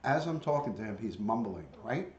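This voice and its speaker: Lively man coaxing a parrot on stream. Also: moderate pace, lo-fi sound. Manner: coaxes his parrot in high sing-song calls between plain chat. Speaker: livestreamer with pet parrot. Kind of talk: casual livestream chat. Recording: echoey room with faint ambient noise.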